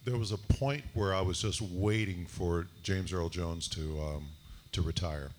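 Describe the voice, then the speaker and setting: Very deep-voiced man chatting on a panel. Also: unhurried, noisy background. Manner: rambling, with many fillers and restarts. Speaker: actor on a convention panel. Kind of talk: casual panel chat.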